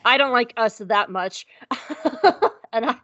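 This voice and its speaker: Giggly high-voiced woman podcaster. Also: slow pace, sharp tone, dry recording, lo-fi sound. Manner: giggly, swearing, self-deprecating. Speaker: podcast co-host. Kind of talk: casual chat.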